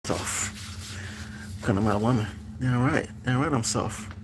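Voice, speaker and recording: A man's voice: medium pitch, a little slow, a little hiss or hum, rough recording. A man vlogging as he cooks, chatting casually to his viewers and rambling, repeating phrases, talking slangy. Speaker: cooking vlogger.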